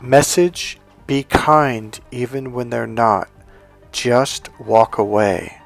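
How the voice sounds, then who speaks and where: A man working as a dating coach, telling a story in a casual, profane, animated way and acting out the voices of the people in it. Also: mid-range voice, slow pace, vocal fry, faint music behind.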